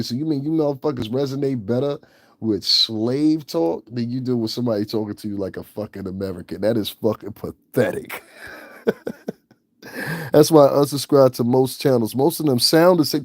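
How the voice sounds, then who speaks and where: A man's voice: mid-range voice, normal speed, a little mellow, no echo, clean studio sound. A man hosting his own channel, giving blunt, profane and scornful commentary. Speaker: channel host. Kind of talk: ranting livestream commentary.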